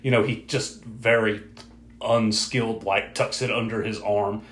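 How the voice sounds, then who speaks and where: A man in his thirties chatting casually about a film, acting out scenes in high excited voices. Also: measured pace, echoey room. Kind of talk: casual movie discussion.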